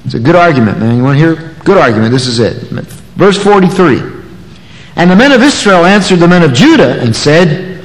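A man preaches in a high, lively voice that swings widely in pitch as he acts out the people in the passage. His sermon rings with a long reverb, as if recorded in a large church sanctuary. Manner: animated, acting out biblical voices. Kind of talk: expository sermon. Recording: long echoey hall reverb.

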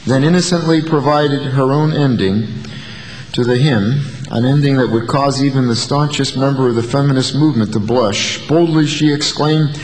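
A man's voice: medium pitch, normal speed, a little mellow. A man preaching a sermon to his congregation, telling stories with a wry, folksy touch. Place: church sanctuary. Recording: long hall reverb.

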